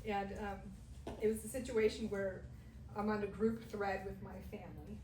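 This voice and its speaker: Middle-aged woman Bible teacher, lively laughing storyteller, heard from a distance in an echoey church room with faint hiss. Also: medium pitch, moderate pace. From Southern California. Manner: lively storyteller who laughs and acts out quotes.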